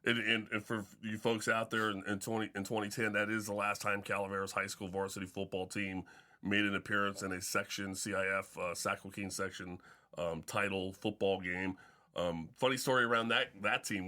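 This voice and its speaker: A middle-aged man, a football coach who hosts a casual sports podcast, tells stories in a lowish voice with little pitch movement. His tone is bright and forceful, his speed normal, and he keeps restarting and using fillers.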